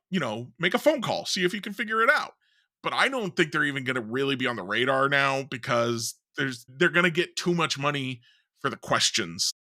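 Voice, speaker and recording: A man's voice: fairly high pitch, pushed and bright, no echo, studio quality. A man co-hosting a casual sports podcast, rambling loosely with many fillers and restarts. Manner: rambling, lots of fillers and self-corrections. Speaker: podcast co-host.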